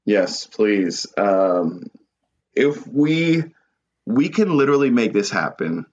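A man's voice: on the low side, sing-song, slow, a little mellow, lo-fi sound. A man hosting a podcast in casual comedic chat, crude and joking, often slipping into mock voices. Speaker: podcast host.

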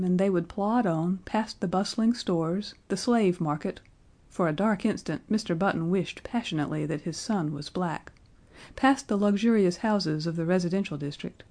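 Mellow woman reading a classic story. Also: lowish voice. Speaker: narrator.

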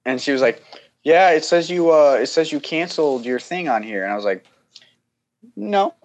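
A man's voice: fairly high pitch, lively intonation, moderate pace. A young man in casual chat, telling a long story in a rambling way, acting out the people he quotes and laughing often.

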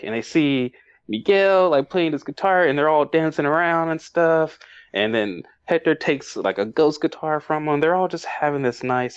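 In a casual movie review podcast, a male co-host with a medium-pitched, clean-toned voice rambles and gets emotional, laughing frequently and restarting his thoughts. The sound is dull, dry, and lo-fi, with no echo.

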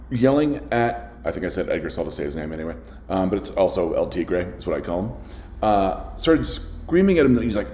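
A man with a fairly low voice tells a story casually, stumbling through restarts and leaning on filler words. His voice bounces around a bare, echoey room. The delivery is loose, rambling storytelling. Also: darkish tone. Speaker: restaurant server.

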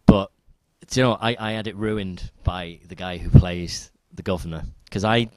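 A man co-hosting a podcast in casual chat, rambling and trailing off into quiet asides. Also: low voice, steady tone, moderate pace, clean tone, no echo. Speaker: podcast co-host.

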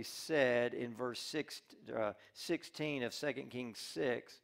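A male pastor preaching a sermon, telling a Bible story with lively acted-out character lines and frequent restarts. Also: mid-range voice, a little slow, gravelly, hardly any pauses. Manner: restarts and repeats words often.

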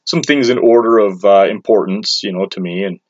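A man's voice: lowish voice, fairly quick, a little mellow, no echo. A man casually telling a story about himself, blunt and crude, full of restarts and filler words. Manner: rambling and blunt, with crude slang and many restarts. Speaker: storyteller recounting his own experience. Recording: dull lo-fi, dry sound.

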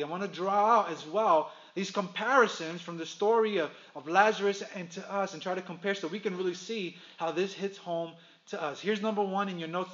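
A man pastor preaching a sermon in a church, emphatic, with long pauses, addressing the congregation directly. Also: high-pitched, a bit bright, lo-fi sound.

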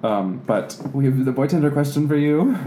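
Give me a young podcast co-host with a dark, mellow voice who laughs and rambles through mock sales pitches. It sounds recorded in an echoey room, with faint noise in the background. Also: expressive, moderate pace. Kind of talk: casual chat.

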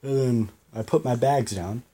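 A man's voice: medium pitch, moderate pace, dark tone. A man hosting a podcast, telling a story in a rambling, repetitive way and swearing freely. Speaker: podcast host. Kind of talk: casual storytelling monologue.

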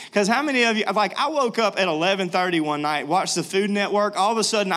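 A young man preaching a sermon in a jokey, lively storytelling way. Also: high-pitched. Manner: jokey, animated, laughs often. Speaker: pastor.

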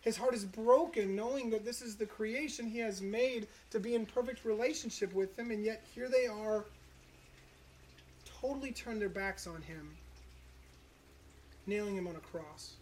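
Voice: medium pitch, darkish tone, a little hiss or hum. Earnest, reflective preacher in a sermon. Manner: earnest, reflective, slows for emphasis. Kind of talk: sermon on the crucifixion, citing scripture.

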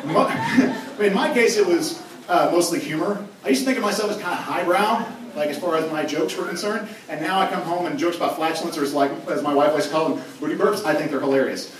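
A man's voice: fairly high pitch, quick pace, a little hiss or hum. A young man, a youth pastor, giving a casual, joking sermon in a large church hall. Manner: casual, joking, conversational preaching. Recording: echoey hall from far off.

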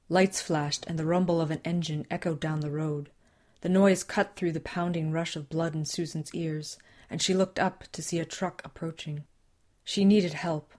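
A woman narrating an audiobook in a measured, tense dramatic reading. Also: low-pitched, darkish tone. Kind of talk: scripted narration.

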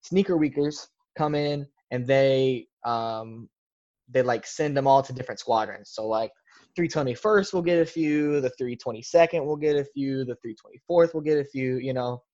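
A man's voice: medium pitch, moderate pace, darkish tone, dull audio. A young man, a podcast guest, telling a casual story in a rambling way, full of filler words. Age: young adult.

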